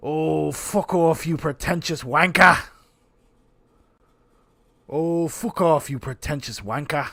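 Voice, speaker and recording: A man doing a rough, scornful English bloke. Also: medium pitch, sing-song, quick pace, hardly any pauses, no echo. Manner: clumsy put-on English accent, loud and scornful. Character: crude mocking English bloke, adult man.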